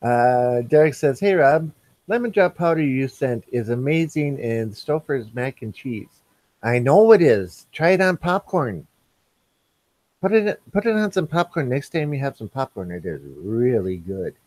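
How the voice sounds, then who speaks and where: A man's voice: mid-range voice, expressive, measured pace, a little mellow, no room sound. A man hosting a casual live stream, reading viewers' chat messages aloud and answering them.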